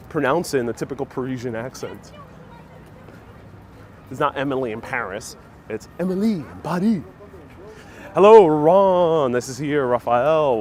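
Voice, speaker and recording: Strolling a city street on a casual livestream, this travel host keeps things upbeat, laughing often as he reads out comments from viewers. He has a mid-range male voice, and the audio carries a slight hiss or hum.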